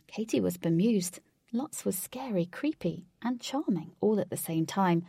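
A woman narrating a story in a measured, soft-spoken way. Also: medium pitch, expressive, vocal fry, slightly rough, no echo, studio quality.

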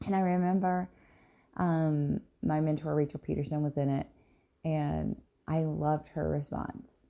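A woman's voice: low voice, little pitch movement, a little slow, creaky, mellow. A woman hosting a casual solo podcast, talking candidly and a little rambling, with many ums and "right?" tags, tired and yawning in the early morning. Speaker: podcast host and business coach.

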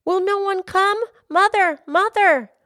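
A woman voicing a brave, determined little boy in a storybook, calling out in a high, earnest voice. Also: normal speed, dry recording, clean studio sound. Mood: desperate calling.

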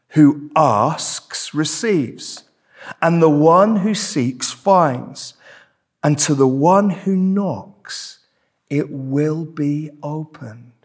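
A man's voice: fairly high pitch, husky. A man preaching a sermon in church, emphatic and repeating key words for weight. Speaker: pastor.

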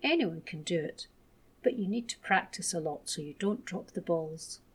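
Kind patient dad, gentle, reassuring, as a woman puts him on, husky. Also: lowish voice, expressive, moderate pace. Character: kind patient young father.

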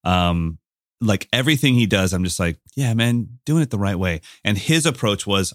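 A man co-hosting a casual podcast, telling stories with animated quoted voices. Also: on the low side, normal speed, no echo, clean studio sound. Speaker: podcast co-host and drum teacher.

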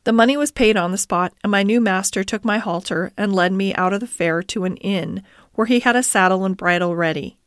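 A woman reading a classic novel aloud as scripted narration, in a gentle, even storytelling manner with lightly voiced dialogue. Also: medium pitch, brisk, clean tone, no echo, studio quality. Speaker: audiobook reader.

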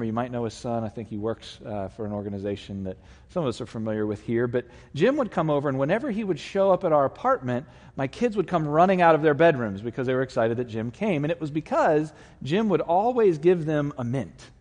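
Conversational pastor preaching in a reverberant hall. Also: male voice, medium pitch, a little mellow. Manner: conversational, folksy, with many fillers. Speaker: lead pastor. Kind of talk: sermon. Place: church sanctuary. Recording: long reverb of a large hall.

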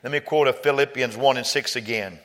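A pastor preaching a sermon, telling personal stories quietly and then rising to shouted climaxes. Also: male voice, medium pitch, a little fast. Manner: swings from soft storytelling to loud shouted peaks.

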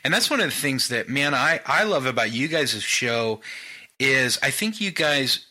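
A man hosting a casual podcast conversation, relaxed and friendly, with lots of "like" and "um". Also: medium pitch, normal speed. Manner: relaxed, friendly, many fillers like "like" and "um". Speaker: podcast host.

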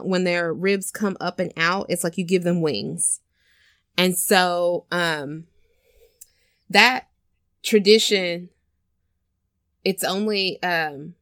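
A woman with a fairly low voice talks casually, retelling scenes with lively storytelling energy. The sound is dry and close, with no room around her. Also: no room sound. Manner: chatty, animated storyteller who acts out quotes. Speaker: podcast co-host. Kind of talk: casual chat recapping a film.

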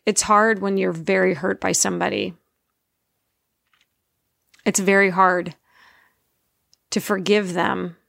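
Earnest woman with a gravelly edge. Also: medium pitch, steady tone, a bit bright, no room sound, clean studio sound. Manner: earnest, conversational, slows to stress points. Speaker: Christian speaker, parent. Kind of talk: informal faith talk.

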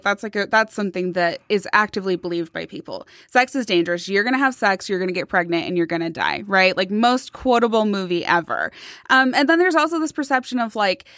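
A woman's voice: mid-range voice, fairly bright tone, no echo. Casting: young woman podcast co-host, outspoken and swearing freely, dry close sound. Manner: emphatic, profane, talks in bursts with fillers. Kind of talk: casual chat.

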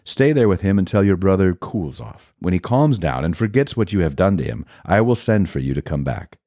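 A man voicing a protective mother giving urgent, hushed advice to her son. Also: sits low, big pitch swings, fairly quick, no echo, clean studio sound.

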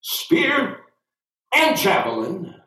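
A man's voice: sits high, wildly swooping pitch, drawn-out words, pushed and bright, pitched above the performer's own voice, heavily acted. Man voicing a bold, defiant young shepherd. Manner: confident, declaring. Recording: roomy sound from far off.

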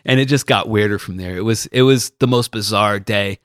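A man's voice: fairly low pitch, brisk, a bit bright, dry recording, clean studio sound. A man co-hosting a caddie podcast, telling a long story in casual chat, mimicking the people he describes and laughing often.

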